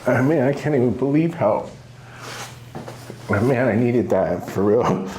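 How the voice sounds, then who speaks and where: A man's voice: mid-range voice, lively intonation, measured pace, roomy sound, background noise. A man in his forties, a patient, talking casually and reflectively with frequent laughs. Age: 40s. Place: treatment room.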